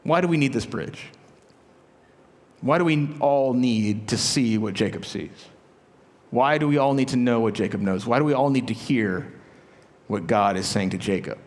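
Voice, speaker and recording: A man's voice: mid-range voice, moderate pace, long pauses, darkish tone. A man preaching a sermon as a pastor, chatty and joking, with asides and rhetorical questions. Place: large church sanctuary. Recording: long church reverb.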